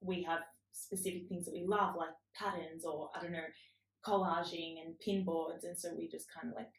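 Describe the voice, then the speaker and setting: A woman's voice: on the low side, flat delivery, moderate pace, creaky. A young woman talking casually in an interview, chatty and full of fillers. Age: young adult. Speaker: guest, founder's daughter. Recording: echoey room, distant mic.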